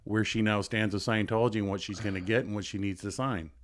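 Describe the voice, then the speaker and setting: A man's voice: fairly low pitch, fairly even intonation, quick pace, dry recording. A man speaking as a guest on a live-stream panel chat, cracking jokes, rambling, and hedging before he gives an answer.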